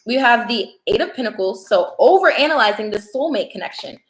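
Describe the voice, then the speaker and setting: A woman's voice: a little high, lively intonation, a little fast. A young woman doing a casual, playful tarot reading on a livestream, chatting straight to her viewers. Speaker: tarot reader.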